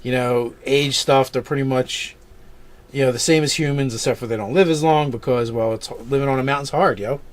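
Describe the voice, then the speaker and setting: An enthusiastic man chatting casually about tabletop games, his talk loose and full of slang. His voice sits at an ordinary middle pitch for a man. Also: fairly quick. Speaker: co-host. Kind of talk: casual tabletop game chat.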